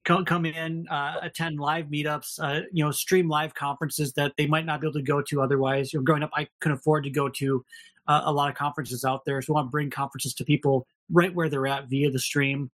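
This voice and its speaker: A man's voice: a little high, level tone, brisk, a bit bright. A man with a Minnesota accent co-hosting a casual podcast, rambling and self-deprecating with lots of fillers. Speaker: podcast co-host.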